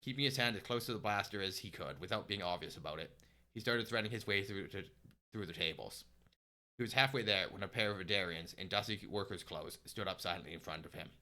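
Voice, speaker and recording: A man narrating a story aloud on a live stream, steady with small restarts. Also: low voice, fast talker.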